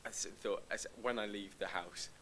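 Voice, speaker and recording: Young man, very low voice, rapid hesitant talk with frequent restarts, stage Q&A guest. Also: steady tone, pushed and bright, slight background noise, low-quality recording. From London. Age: young adult. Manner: hesitant, restarts often, laughs lightly. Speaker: actor guest. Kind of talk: live Q&A conversation. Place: live stage event.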